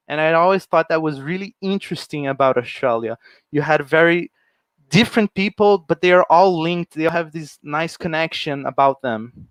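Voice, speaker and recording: A man's voice: on the high side, fairly bright tone, smooth, no room sound. A young man from Brazil, giving a friendly, enthusiastic presentation while walking through slides. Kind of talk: informal presentation.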